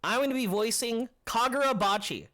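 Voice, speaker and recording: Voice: medium pitch, normal speed, a bit bright. A game streamer chatting playfully with viewers during live gameplay and joking around. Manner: playful and joking, reading game dialogue aloud.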